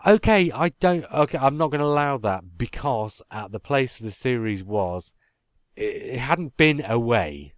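A man's voice: medium pitch, expressive, measured pace, dry recording, clean studio sound. A man hosting a podcast, chatting casually and talking his points through at length. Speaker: podcast host.

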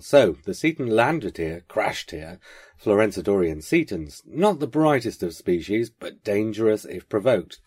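A man reading aloud, putting on an eccentric, posh male stranger who rattles off rapid, clipped questions and answers them himself. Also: fairly low pitch, darkish tone, breathy edge. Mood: racing.

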